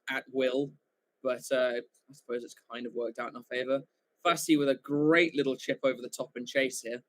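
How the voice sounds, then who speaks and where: A man giving live fan commentary for a watchalong stream, excitable, swearing casually and often correcting himself mid-call. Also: medium pitch.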